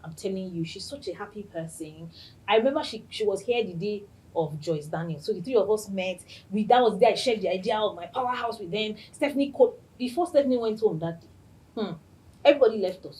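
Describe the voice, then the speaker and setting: Animated woman host. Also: medium pitch, low-quality recording. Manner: excited, laughs often. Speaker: podcast host. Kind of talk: animated personal storytelling.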